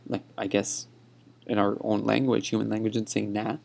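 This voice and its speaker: A young man giving a patient pronunciation lesson over slides, repeating words slowly for practice. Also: lowish voice, fairly even intonation, vocal fry, darkish tone. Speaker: teacher.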